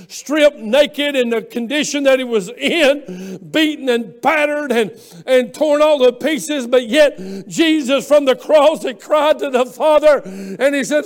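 A preacher man with an unusually high voice delivers a fervent sermon. He builds to shouts at the peaks and keeps the rhythm going with many drawn-out "uh" fillers.

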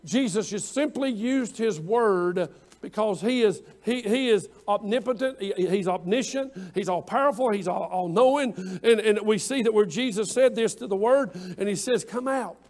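A man's voice: high-pitched, moderate pace, darkish tone. A man preaching a fervent sermon, calling out to his congregation and pressing his points with emphasis.

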